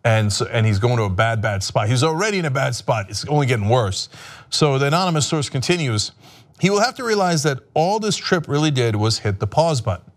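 A man's voice: medium pitch, expressive, fairly quick. A man hosting a sarcastic political commentary show, talking animatedly and mocking his subjects.

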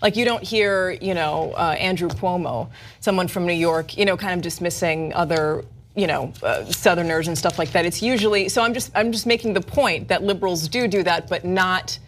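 Low-voiced woman, chatty co-host. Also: normal speed, a little hiss or hum. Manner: conversational, many fillers like "you know" and "uh". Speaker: political talk show co-host. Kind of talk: casual political discussion.

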